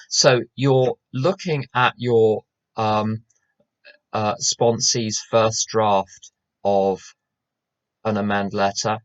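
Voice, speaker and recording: A man's voice: fairly low pitch, dry recording. A British man giving a conversational recovery talk, wry and chatty, full of asides and restarts, over slightly dull online call audio. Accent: British English. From England. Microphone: online call microphone.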